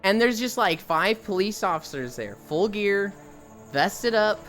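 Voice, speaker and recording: Keeping a measured pace as he walks a treadmill, a live streamer spins lively, rambling stories for his audience with expressive leaps in pitch. He swears offhandedly, and faint music plays in the background.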